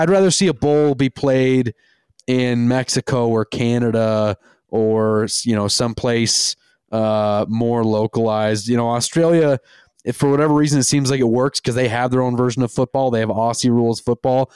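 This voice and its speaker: A laid-back man co-hosting a casual sports podcast over a remote connection. His voice is smooth and resonant, at an ordinary pitch, and the sound is close and dry. He rambles through opinions with loose fillers and casual swearing. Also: fairly even intonation, normal speed, darkish tone, no echo. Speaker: podcast co-host. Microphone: remote call, home microphone.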